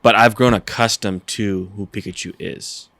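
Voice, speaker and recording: A man's voice: lowish voice, steady tone, moderate pace, gravelly, a bit bright, no echo. A man co-hosting a casual podcast, earnestly explaining his opinions. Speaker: podcast co-host.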